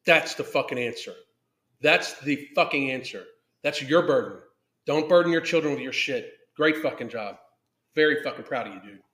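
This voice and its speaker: A man in his thirties hosts a live podcast, his medium-pitched voice animated, slightly bright, and at normal speed in an echoey room. Reacting to a video and the live chat, he swears nonstop, rants with angry emphasis, and reads out chat comments.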